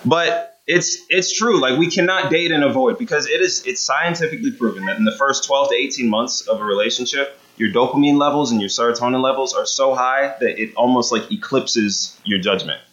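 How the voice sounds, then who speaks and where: Speaking briskly with few pauses, a preacher delivers a sermon in a conversational style, repeatedly asking the room "right?". His mid-range voice has a fairly bright tone, heard through dull lo-fi audio.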